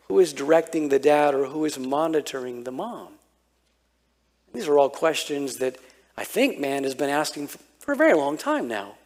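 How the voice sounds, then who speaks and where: A male pastor preaching a sermon, telling a childhood story with animated quoted voices. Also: fairly high pitch.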